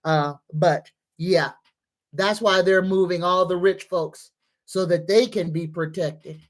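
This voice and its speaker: A woman's voice: lowish voice, steady tone. A woman hosting a psychic livestream, greeting viewers, reading comments and leading affirmations. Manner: greets viewers warmly, leads slow repeated affirmations.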